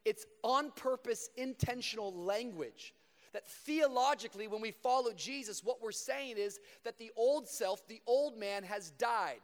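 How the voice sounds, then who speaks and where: A young man preaching a sermon to a live congregation, slipping between fast casual storytelling and slow, emphatic preaching. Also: very high-pitched. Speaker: pastor. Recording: long reverb of a large hall.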